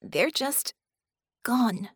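A woman's voice: mid-range voice, lively intonation, slow, slightly rough, dry recording, clean studio sound. A woman reading as a terse grieving commander. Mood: stricken. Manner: clipped, terse lines. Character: young woman commander, grieving but steely.

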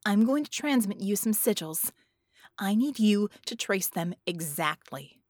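A woman voicing a hoarse female coordinator in an audiobook who gives brisk, barked orders. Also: medium pitch, animated, a little mellow, dry recording, studio quality. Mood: urgent.

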